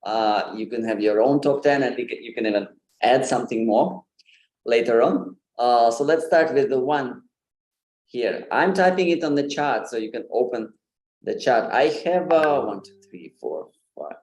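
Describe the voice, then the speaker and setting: A man's voice: medium pitch, expressive, moderate pace, darkish tone, echoey room. A man giving an informal online lesson on pronunciation, with many fillers and light laughs. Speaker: Sanskrit pronunciation presenter.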